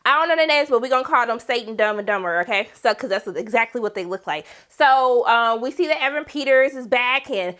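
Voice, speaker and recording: A young woman casually recapping a TV episode, slangy, profane and animated, acting out the characters' lines as she goes. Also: a little high, fairly quick, few pauses. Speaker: TV show reviewer.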